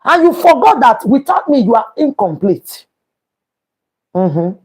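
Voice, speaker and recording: A woman's voice: on the high side, big pitch swings, unhurried, darkish tone, breathy edge. A woman with a Nigerian accent hosting a live stream, talking emphatically and quoting scripture as she repeats her points. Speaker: livestream host. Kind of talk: preachy live-stream talk.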